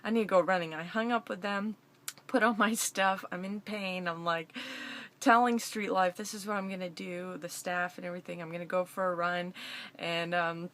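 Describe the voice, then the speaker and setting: A young woman vlogger giving an emotional personal testimony to camera, excited and laughing through her words. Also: on the low side, moderate pace.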